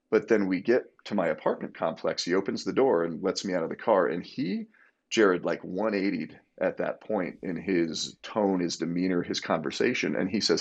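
A man telling a personal story as a podcast guest, candid and energetic, with plenty of fillers. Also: deep voice, moderate pace.

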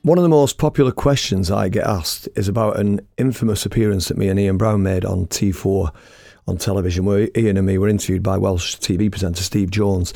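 A middle-aged man tells a story in a blunt, lively, self-mocking way. His voice sits low and has a gravelly rasp. The sound is dry and close, with no room in it. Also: a little fast, dry recording, soft background music. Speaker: radio presenter and storyteller. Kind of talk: casual anecdotal storytelling.

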